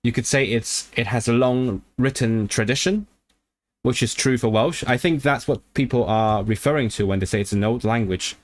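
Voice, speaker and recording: Talking about language learning on a livestream, a man speaks at a medium pitch. His casual chat is full of restarts and thinking aloud, punctuated by brief flashes of excitement.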